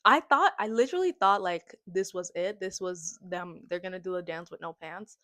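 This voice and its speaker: Animated young woman recapping a movie. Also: lowish voice, moderate pace. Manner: animated, slangy, dramatic retelling with comic asides. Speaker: movie reaction vlogger. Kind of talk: casual movie recap and reaction.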